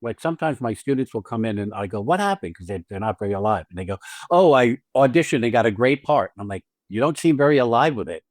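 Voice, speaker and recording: A man's voice: medium pitch, animated, fast, a little mellow, dry recording, clean studio sound. A man hosting a podcast as an acting teacher, talking casually and animatedly, swearing freely and acting out little scenes with quoted lines.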